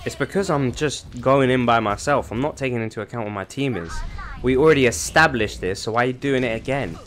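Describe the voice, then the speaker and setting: A man giving casual, profane gameplay commentary, self-mocking, and swinging from loud outbursts to low mutters. He has just woken up and has a sore throat. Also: a little fast. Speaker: gamer streamer.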